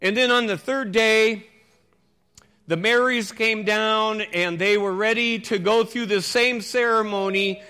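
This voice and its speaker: A male pastor preaching a sermon, telling the story with loud calls and dropping to a hushed voice for prayer. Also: high voice, fairly even intonation, a little slow, clear, resonant tone.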